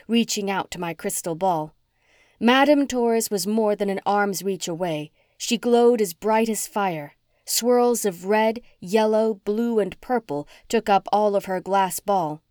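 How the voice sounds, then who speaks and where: A woman reading a first-person novel aloud as an audiobook narrator, with expressive, dramatic storytelling. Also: medium pitch, measured pace, clear, resonant tone, no room sound, studio quality.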